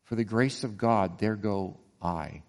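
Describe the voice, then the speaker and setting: A man's voice: fairly low pitch, a little slow, long reverb tail. Guy preaching a sermon, earnest, keeps asking questions and tripping over words a bit. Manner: earnest preaching with rhetorical questions and repeated restarts. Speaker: pastor.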